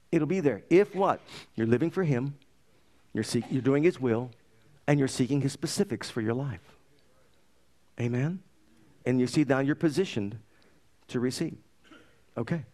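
A middle-aged male pastor preaching a sermon, telling his own story with lively energy and quoting scripture. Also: mid-range voice.

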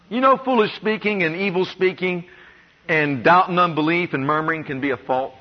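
A man preaching a sermon as pastor, reading scripture slowly and telling stories from his own life. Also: high voice. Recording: muffled lo-fi sermon recording.

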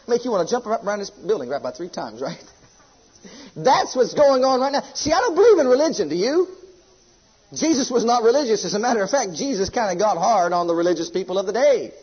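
A fervent male preacher with a husky, breathy edge to his high voice. He builds from hushed intensity to ringing exhortation, and the recording sounds dull and lo-fi. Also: big pitch swings, a little fast. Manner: fervent, swinging from loud exhortation to low intensity. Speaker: pastor. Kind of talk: sermon.

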